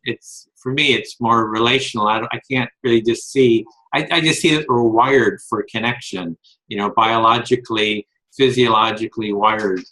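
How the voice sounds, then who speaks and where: A man's voice: mid-range voice, bright, forceful tone, poor audio. A man hosting a casual discussion, thinking aloud and restarting his sentences as he goes. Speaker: host of empathy discussion.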